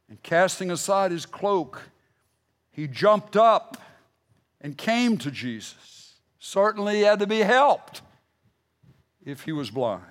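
Slow, emphatic male preacher. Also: lively intonation. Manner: emphatic, rising to loud bursts then dropping low and quiet when reading scripture. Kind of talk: sermon.

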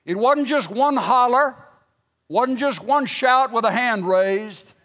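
A middle-aged man preaches a sermon at a slow pace, emphatic and building to loud bursts, then sinking low and quiet whenever he reads from scripture.

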